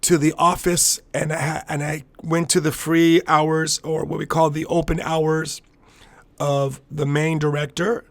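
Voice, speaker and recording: A man in his fifties from the US–Mexico border region tells a personal story on his podcast. His voice sits a little high with a gravelly, fry-laced edge. He rambles reflectively and restarts often, and the sound is dry and close. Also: level tone, unhurried, dry recording. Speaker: podcast host and capoeira master.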